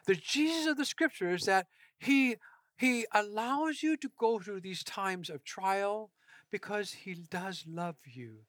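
An earnest pastor preaching a sermon with an emphatic delivery. The voice is bright and forceful. The recording is close and dry. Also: medium pitch, animated, a little slow, dry recording.

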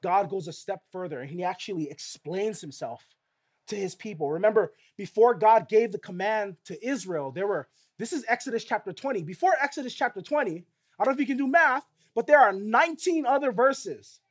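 A man's voice: high voice, animated, a little fast. A middle-aged male pastor preaching a sermon in a conversational way, often asking rhetorical questions of the listeners.

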